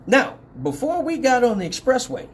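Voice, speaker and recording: A man hosting a live show, telling a story in a profane, animated way and acting out the voices. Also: extremely high pitch, normal speed, background noise. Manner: animated, profane, acts out every voice. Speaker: host.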